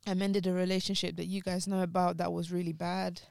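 A woman's voice: fairly low pitch, flat delivery, a little fast, vocal fry, darkish tone, dry recording. A woman co-hosting a casual podcast chat, speaking openly and emotionally while grieving, her voice close to tears. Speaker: podcast co-host.

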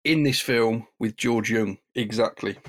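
A man's voice: lowish voice, measured pace. A man in casual podcast chat about films who rambles and gropes for names. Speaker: podcast co-host.

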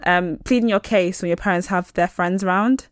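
A woman's voice: lowish voice, normal speed, smooth, dry recording, clean studio sound. A young woman, co-hosting a casual chat podcast, laughing often and reading news aloud. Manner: chatty, laughs a lot, reads news aloud. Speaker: podcast co-host.

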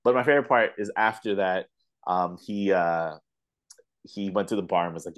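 A man co-hosting a podcast, telling animated stories in casual chat with lots of fillers. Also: mid-range voice, normal speed. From Canada. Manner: animated storytelling with laughs and fillers. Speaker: podcast co-host.

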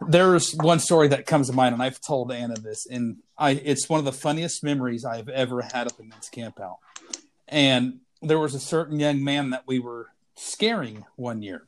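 A man's voice: medium pitch, moderate pace, a little hiss or hum. A man co-hosting a podcast, telling a funny story in casual chat and laughing through his punchlines. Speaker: podcast co-host.

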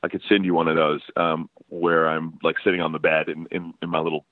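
Deep-voiced man on a tinny phone line. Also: level tone, fairly quick, dry recording. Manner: rambling, laughing storyteller with many restarts. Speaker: guest musician. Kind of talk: casual interview chat. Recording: dry phone-line sound.

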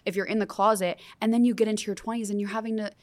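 A woman's voice: mid-range voice, fairly even intonation, very fast, a little mellow. A young adult woman hosting a casual round-table podcast, talking candidly and earnestly with frequent fillers. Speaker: podcast host.

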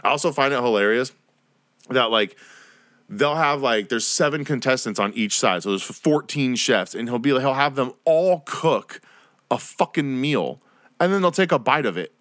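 A man's voice: medium pitch, animated, moderate pace, fairly bright tone, no room sound, clean studio sound. A young man ranting on his own podcast, rambling and profane, laughing and mocking people in silly voices. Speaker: podcast host. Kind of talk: solo podcast rant.

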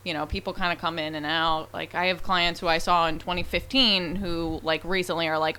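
Woman therapist, crisp bright tone, fairly low voice, chatty podcast guest. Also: steady tone, brisk. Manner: chatty, full of "like" and "you know". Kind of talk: casual podcast chat.

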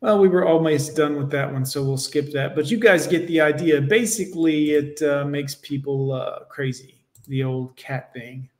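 A man's voice: on the high side, moderate pace, hardly any pauses, a little mellow. A man hosting a live stream and reacting to a clip, blunt and sarcastic as he talks to his chat. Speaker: streamer host.

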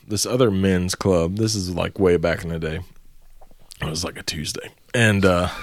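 A man's voice: low voice, no room sound. A young adult man co-hosting a podcast, telling a rambling, profane story with frequent laughter in casual chat. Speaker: podcast co-host.

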